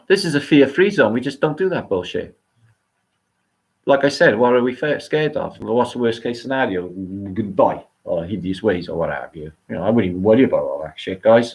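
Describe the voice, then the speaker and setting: A middle-aged man with a British accent talks off the cuff on a live stream, with a somewhat low voice. His delivery rambles and swears freely, jumping up and down in pitch as he gets worked up. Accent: British English. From England. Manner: rambling, profane, animated swings in pitch. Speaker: livestream host. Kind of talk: casual live-stream monologue.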